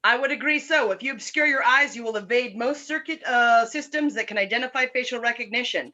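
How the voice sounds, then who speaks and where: A woman improv performer running a comedy scene over a video call, talking in a brisk, mock-official deadpan. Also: fairly high pitch. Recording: muffled video-call audio.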